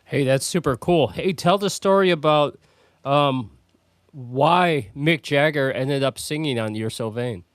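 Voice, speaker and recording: A man's voice: mid-range voice, unhurried, dry recording. Upbeat male radio host, dry sound. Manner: eager, upbeat prompting. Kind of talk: interview questions.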